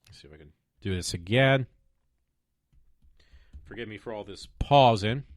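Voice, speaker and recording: A man's voice: on the low side, normal speed, dry recording. Rambling man on a dry home mic. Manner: rambling, many fillers and trailing off; sarcastic, mock-pleading asides. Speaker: podcast host. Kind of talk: casual solo web show chat. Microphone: desk microphone at home.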